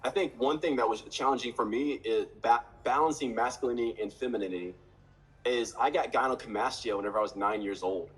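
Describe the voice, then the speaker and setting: A man appearing as a podcast guest, telling stories in a relaxed, slangy way. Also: mid-range voice, brisk, husky, rough recording. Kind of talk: casual chat.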